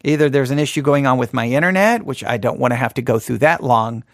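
A man's voice: mid-range voice, fast, dry recording, studio quality. A man hosting a casual Christian podcast, talking in a rambling, self-deprecating way with many restarts. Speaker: podcast host.

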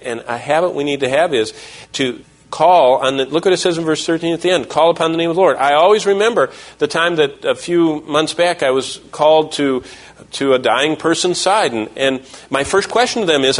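A middle-aged male pastor preaching a sermon, telling stories and quoting scripture and the people in them. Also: on the high side. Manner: storytelling, quoting scripture and voices in dialogue.

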